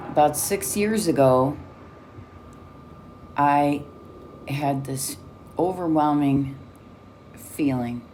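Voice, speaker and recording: A woman with an unusually low, deep voice talks straight to camera, blunt and full of swearing. She tells her own story candidly, with a faint hiss of noise behind her. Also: warm tone. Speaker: vlogger.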